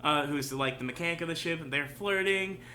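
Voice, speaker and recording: A man hosts a casual reaction show, talking in a loose, rambling way full of fillers. His voice is bright and sits a little high. A faint hum runs behind him. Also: fast. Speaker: show host.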